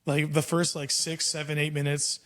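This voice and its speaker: Laid-back, slightly high-voiced young man. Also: level tone, normal speed, fairly bright tone. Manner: laid-back, profane, heavy on "dude" and "like". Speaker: podcast host and comedy show booker. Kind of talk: casual chat.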